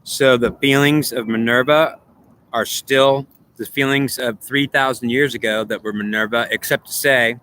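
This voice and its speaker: A man talks through a long, rambling spiritual monologue, repeating his points and trading questions and answers with himself. His voice is bright and forceful, sitting at an ordinary male pitch. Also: a little hiss or hum. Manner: repetitive, circling back on his own points. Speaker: spiritual speaker.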